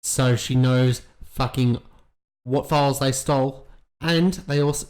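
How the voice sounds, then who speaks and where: A man's voice: mid-range voice, a little mellow. A man giving casual, rambling reaction commentary on a TV episode, swearing a lot and talking bluntly. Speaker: YouTube reaction host.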